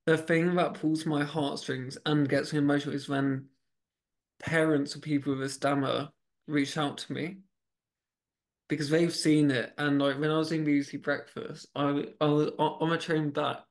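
A man's voice: on the high side, little pitch movement, normal speed. Man, podcast guest, chatty storytelling, frequent restarts. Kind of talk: casual storytelling conversation.

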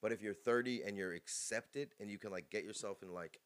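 A man's voice: lowish voice, fairly quick, few pauses, no room sound. A man in his thirties co-hosting a podcast, telling crude, joking stories in casual chat. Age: 30s. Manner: crude, joking, animated storytelling. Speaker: podcast co-host.

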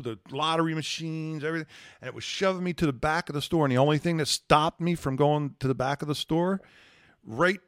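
A man, a podcast guest, telling a wild personal story in an animated, profane way. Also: on the high side, no room sound, studio quality. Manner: profane, excitable, acts out dialogue. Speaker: guest, former combat controller.

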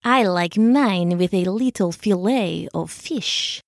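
A woman voicing a calm, languid female cat in a storybook, speaking with a purr. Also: fairly low pitch, slow, vocal fry, dry recording, clean studio sound, pitched below the performer's own voice. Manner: languid, purring.

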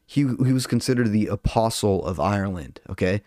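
A fired-up young man rants casually to his viewers, stumbling through filler words and swearing freely. His voice sits slightly low, and the recording is dry and close with no room sound. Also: animated, fairly quick, darkish tone, dry recording. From Albanian heritage. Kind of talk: casual rant to camera.

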